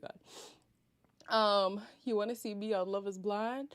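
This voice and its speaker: A woman's voice: medium pitch, extremely slow, long pauses, no echo. A woman hosting a casual livestream, reading and answering viewer chat, chatty and self-mocking and laughing often.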